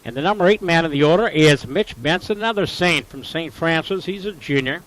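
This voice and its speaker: A man's voice: fairly high pitch, brisk, rough recording. Upbeat baseball play-by-play man. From Upper Midwest US. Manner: steady, informative, rises sharply on big plays. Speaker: play-by-play announcer.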